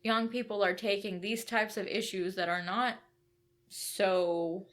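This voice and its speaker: A woman's voice: mid-range voice, fairly even intonation, a little slow, a bit bright. A woman with a mid-range voice co-hosts a book discussion podcast. She lays out her ideas point by point, asks rhetorical questions and checks in with "right?" and "you know". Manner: explanatory, builds points step by step with "right?". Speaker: podcast co-host.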